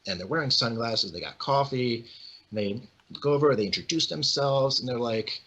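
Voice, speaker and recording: A man's voice: mid-range voice, normal speed, rough recording. A young man, a guest actor, telling casual stories and acting out the voices of the people in them. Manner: animated, acts out quoted voices. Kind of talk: casual storytelling.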